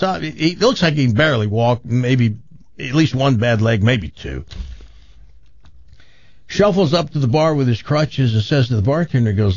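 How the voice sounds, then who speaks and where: A man spins a long joke on air and acts out each character. His voice is gravelly and swoops widely in pitch. The recording is dry and a little muffled, like a radio broadcast. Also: no echo. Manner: animated storyteller, acts out characters. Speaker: radio host.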